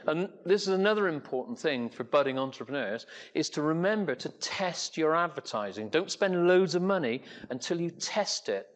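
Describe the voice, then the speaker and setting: A man's voice: fairly high pitch, animated, moderate pace, hardly any pauses. An older man from England telling a long story to an audience as an entrepreneur speaker, rambling, with many fillers and restarts. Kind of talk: anecdotal talk to an audience.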